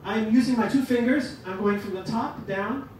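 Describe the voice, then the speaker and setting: A man leading a teaching workshop, lively and joking as he demonstrates to the audience. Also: high-pitched, normal speed. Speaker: workshop presenter. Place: lecture room. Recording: echoey hall from a distance, noisy.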